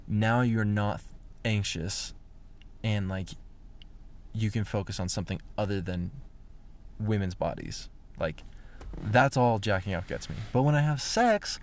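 Pausing often at a measured pace, a young man with a lowish, expressive voice delivers a blunt, rambling vlog monologue to the camera. He swears freely and sometimes slips into whispers, recorded indoors in the room where he's staying.

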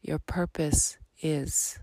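Low, gravelly-voiced woman podcaster. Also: fairly even intonation, no echo, studio quality. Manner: slow, earnest, soft, drifting into breathy half-whispers. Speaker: podcast host. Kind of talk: reflective podcast monologue.

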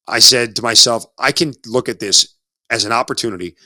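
Speaking briskly at a medium pitch with a sharp tone, this man in his forties is a former Army officer being interviewed, captured in a dry recording. He tells his story in a reflective, conversational way, often restarting and repeating words.

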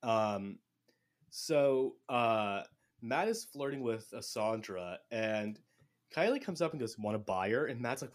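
Male podcast host, casual and animated, recaps the plot with quick character voices. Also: medium pitch. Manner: animated, acts out characters' lines. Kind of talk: casual chat.

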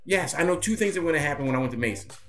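A man's voice: on the high side, expressive, very fast, loud music behind the voice. A man co-hosting a podcast, telling stories in casual chat and laughing often. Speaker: podcast co-host.

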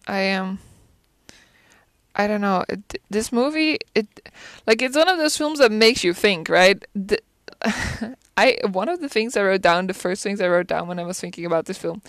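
Woman rambling thoughtfully, smooth clear voice, lots of restarts, dry close sound. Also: medium pitch, no echo. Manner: thinks aloud, searching for words and restarting; reflective, asks rhetorical questions. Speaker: film commentator. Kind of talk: casual musing chat.

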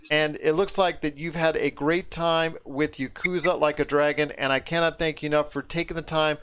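Upbeat male podcast host from the States, fairly high voice, stretches words for emphasis. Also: steady tone, fairly bright tone, clear, resonant tone. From United States. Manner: enthusiastic, drawn-out emphasis. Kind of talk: casual podcast chat.

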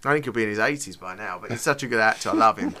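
A man co-hosting a relaxed podcast, his tone bright and forward. He talks enthusiastically and laughs easily, with plenty of casual filler. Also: on the low side, very fast. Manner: chatty, enthusiastic, laughs often. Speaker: podcast co-host. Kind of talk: casual chat.

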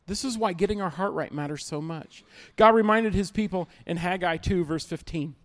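A man's voice: sits high, normal speed. A man preaching a sermon as pastor, emphatic, repeating key lines and acting out little everyday scenes.

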